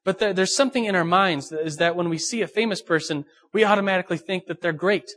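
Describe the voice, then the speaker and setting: A young man, a pastor, giving a lively, joking sermon and talking straight to his audience. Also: high-pitched, fast. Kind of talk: youth sermon.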